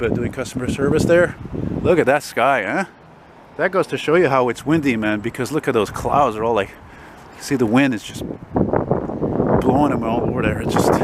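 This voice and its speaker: A man's voice: mid-range voice, slight background noise. A middle-aged man, swearing casually as he rambles through a monologue while walking outdoors. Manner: casual, profane, digressive. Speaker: vlogger. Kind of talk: rambling walk-and-talk monologue. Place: outdoors on a windy city street.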